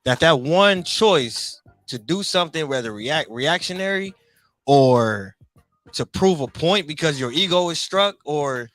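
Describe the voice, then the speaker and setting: A man in a casual conversation, reflecting thoughtfully and haltingly, with lots of pauses and restarts. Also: fairly high pitch, lively intonation, a bit bright, no room sound, soft background music.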